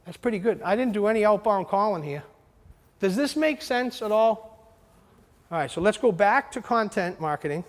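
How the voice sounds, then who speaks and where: A man with a high voice leads a live workshop in a large hall, talking with energy and often checking in with the room. His words ring out with a long reverb behind them. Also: moderate pace. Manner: energetic, asks the audience questions. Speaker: marketing seminar presenter.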